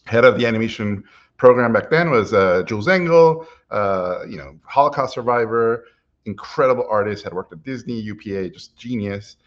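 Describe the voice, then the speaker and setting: A middle-aged man, an animation director, telling stories from his life in an animated way, often chuckling as he talks. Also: fairly low pitch, normal speed. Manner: animated storyteller, chuckles while telling anecdotes. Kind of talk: personal storytelling talk. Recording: dull lo-fi recording.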